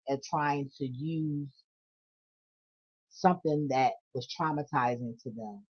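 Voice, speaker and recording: A woman doing a casual tarot reading vlog, blunt and profane, with laughing asides. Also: rumbling low. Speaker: tarot reader. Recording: dull lo-fi audio.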